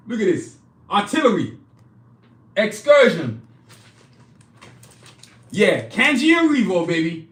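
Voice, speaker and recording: A man hosting a live stream, pitching his own comic art and merch in a hyped, casual way, repeating himself and talking straight to viewers. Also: sing-song, a little slow, long pauses, echoey room. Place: indoor studio, clothing hanging behind him.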